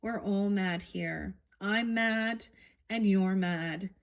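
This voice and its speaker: A woman's voice: medium pitch, extremely slow. A woman reading aloud the lines of a sly, teasing male cat from a storybook.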